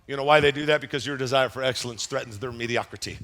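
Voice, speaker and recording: Speaking very fast at a medium pitch, a middle-aged pastor delivers a sermon built on stories, animated and acting out each scene and voice.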